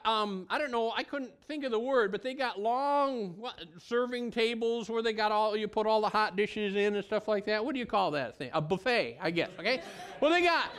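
A man's voice: very high voice, a bit bright, clean tone. A male pastor giving a conversational sermon in a folksy, rambling way, often restarting his sentences and drifting into asides.

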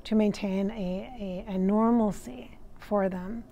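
An American woman working as a spiritual medium, relaying messages in a channeling session in a halting way, searching for words. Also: medium pitch, steady tone, dark tone, slight background noise. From United States.

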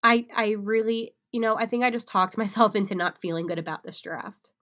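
A young woman hosting a solo sports podcast, animated and excitable, often laughing at herself. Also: mid-range voice, brisk. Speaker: podcast host.

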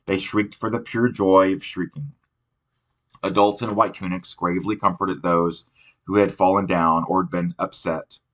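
A man reading a novel aloud with a low, deep voice. His tone is bright and forceful, and his pace is unhurried. Now and then he stops and restarts a word. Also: steady tone, dull audio. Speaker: audiobook narrator. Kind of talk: scripted audiobook narration.

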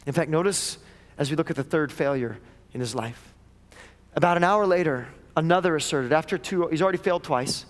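Male pastor, high voice, dramatic sermon, hushed to loud, long church reverb. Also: animated, moderate pace. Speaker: lead pastor. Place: church auditorium. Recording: echoey church hall.

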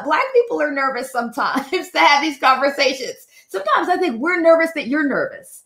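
Bubbly high-voiced woman hosting a livestream. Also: fairly bright tone, roomy sound. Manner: upbeat, chatty, greets viewers by name. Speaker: host. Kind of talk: livestream chat.

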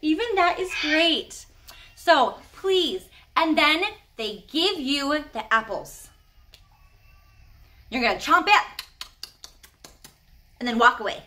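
A woman's voice: high voice, slow pace, pauses often. A woman teaching a sign language class to young children, upbeat and encouraging, often gasping with delight at their answers. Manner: animated, encouraging, gasps with delight.

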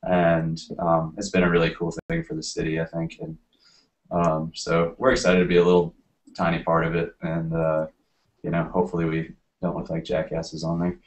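A young band member from Nashville chats in a relaxed, halting way. His voice sits very low. He pads his answers with plenty of fillers. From Nashville, USA. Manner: relaxed, hesitant with many fillers. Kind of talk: casual interview chat.

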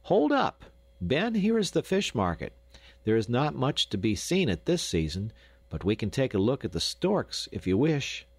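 A man's voice: fairly low pitch, big pitch swings, normal speed, slightly rough, no echo, exaggerated voice. A man voicing an eager boy who hails his friend and leads the way, for an audiobook. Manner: hailing, eager. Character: eager boy guide calling out loudly. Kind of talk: audiobook character voice.

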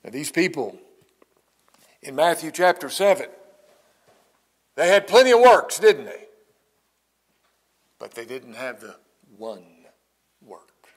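A middle-aged male pastor preaching a sermon slowly and emphatically, with long dramatic pauses and drops to near whispers. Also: a little high, animated.

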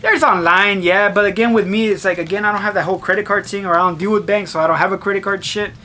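A man's voice: sits high, fairly even intonation, quick pace, bright, forceful tone, slight background noise. A young man vlogging in a casual, profanity-heavy rant, acting out his own reactions. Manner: swears constantly, acts out his own reactions.

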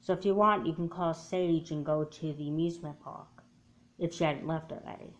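A stern, blunt mother, acted by a woman for a homemade doll movie. She scolds in a lower voice with plain, firm delivery. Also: steady tone, normal speed, lightly acted. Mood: relaxed. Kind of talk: home doll-movie voice acting.

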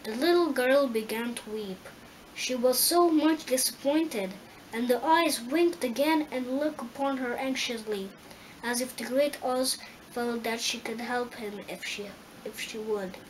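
Woman reader for a storybook, careful and slow with small stumbles. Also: a little high, slight background noise, low-quality recording. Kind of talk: storybook reading.

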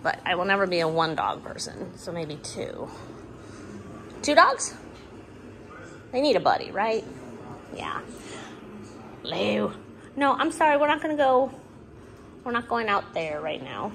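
A woman's voice: medium pitch, sing-song, a little slow, gravelly, pauses often, fairly bright tone, a little hiss or hum. A woman introducing her dogs in a casual pet vlog, talking to them in affectionate baby talk at home. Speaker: dog owner.

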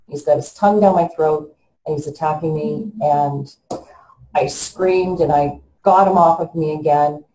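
A woman in her fifties speaks as an interview guest, slightly low in pitch and warm in tone. She talks in an earnest, halting way and often restarts her sentences. The room gives her voice a noticeable echo. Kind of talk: personal storytelling in an interview.

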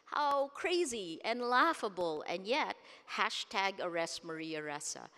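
A woman's voice: mid-range voice, animated, unhurried, sharp tone. A woman from the Philippines giving a conference keynote speech, earnest and emphatic, repeating words for stress. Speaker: keynote speaker. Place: large conference hall. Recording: long reverb of a large hall.

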